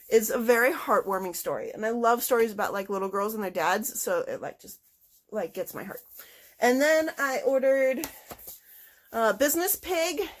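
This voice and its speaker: A woman chatting casually and excitedly through a book haul, full of little fillers. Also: fairly high pitch. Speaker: book vlogger.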